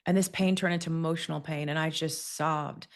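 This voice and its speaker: A woman in her forties speaks in a notably low voice as a podcast guest. She tells a candid personal story, acting out quotes as she goes. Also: steady tone, fairly quick.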